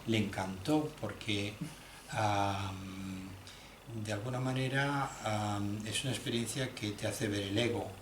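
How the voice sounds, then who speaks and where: A man's voice: on the low side, fairly even intonation, normal speed. Man interpreting a talk, hesitant, lots of ums, echoey room with noise behind. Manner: hesitant, searching for words with many fillers and restarts. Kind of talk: consecutive interpreting. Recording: echoey hall with clear background noise.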